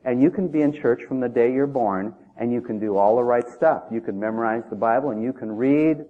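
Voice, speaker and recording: A man's voice: medium pitch, brisk. A man preaching a sermon in an emphatic, conversational way, often asking the listeners questions. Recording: tinny phone-like audio.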